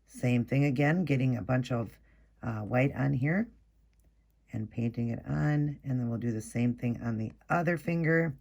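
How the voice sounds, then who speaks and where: Gravelly-voiced man demoing nail art. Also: medium pitch, darkish tone. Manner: chatty, explains while working, quick apologies. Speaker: nail art tutorial host. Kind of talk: casual step-by-step tutorial.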